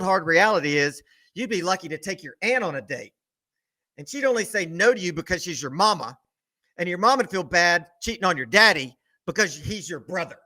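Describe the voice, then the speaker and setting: A man hosting a sports podcast, delivering a mocking, scripted trash-talk rant about a rival college football team. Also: high voice. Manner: mocking, trash-talking, building to shouted tirades.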